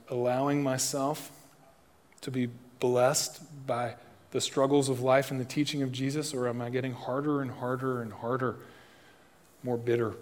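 Man preaching in a reverberant hall. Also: mid-range voice. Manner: swings from loud emphatic preaching to soft, hushed appeals; asks the listeners direct questions. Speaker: pastor. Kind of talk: sermon. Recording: long reverb of a large hall.

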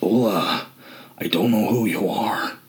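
Parody bit: man playing a quiet, deadly serious movie tough guy. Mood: menacing. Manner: low, hushed, deliberate threat. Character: grim, menacing male action hero.

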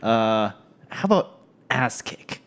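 Teasing man, lively up-and-down pitch. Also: clean tone. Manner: teasing, quick deadpan quips. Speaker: podcast co-host. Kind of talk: casual chat.

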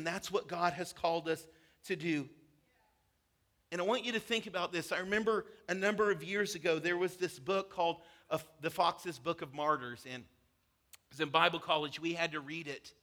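A man preaching a sermon as a pastor, telling a parable with animated voices for its characters. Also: high voice, moderate pace.

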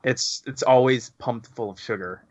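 A man's voice: medium pitch, unhurried, no room sound. A man chatting casually, rambling with many restarts and laughing along. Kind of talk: casual chat. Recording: dull, dry and lo-fi.

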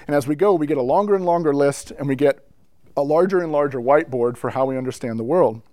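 A man giving a conversational teaching talk to church musicians, telling stories with lots of asides and building the excitement as he goes. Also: fairly high pitch, fast, dry recording. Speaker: speaker addressing church musicians. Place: indoor room with a whiteboard.

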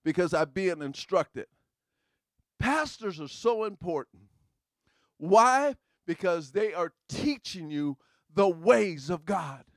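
Male pastor, high voice, dry close sound, fervent call-and-response preaching. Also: lively intonation, takes it slowly, no room sound. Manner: call-and-response preaching, swings from hushed to shouting. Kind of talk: sermon.

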